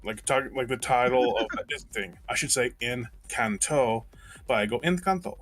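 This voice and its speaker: A man's voice: mid-range voice, steady tone, fast, a bit bright. Man, rambling, profane, casual podcast chat, faint music. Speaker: podcast co-host.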